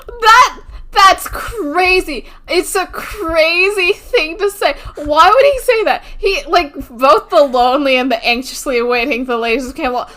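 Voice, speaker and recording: A woman's voice: sits high, unhurried, bright, forceful tone. A woman co-hosting a podcast in casual chat, incredulous and emphatic as she mockingly paraphrases dialogue. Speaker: podcast co-host. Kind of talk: casual chat recapping a TV episode.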